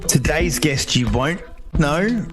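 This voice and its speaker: A middle-aged man from Australia with an Australian accent, co-hosting a podcast in lively, casual chat. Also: on the high side, takes it slowly, over music. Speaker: podcast co-host.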